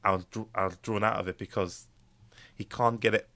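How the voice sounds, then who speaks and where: Deep-voiced man rambling in casual chat. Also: fairly even intonation, brisk, sharp tone, dry recording. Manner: rambling, many fillers and restarts. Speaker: podcast co-host.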